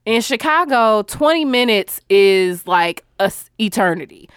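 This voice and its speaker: A woman hosting a casual talk show, telling a story in an animated, exasperated, profane way. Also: mid-range voice, a little slow, clean tone, dry recording, clean studio sound.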